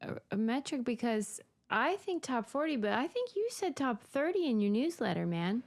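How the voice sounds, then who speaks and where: A woman's voice: on the high side, sing-song. A woman hosting a podcast in casual chat, enthusiastic and teasing. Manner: enthusiastic, teasing, quick laughs. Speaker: podcast host.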